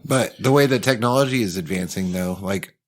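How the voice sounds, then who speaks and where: Deep-voiced man joking on a podcast. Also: fairly quick. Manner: joking, crude, laughs often. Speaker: podcast co-host. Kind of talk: casual chat.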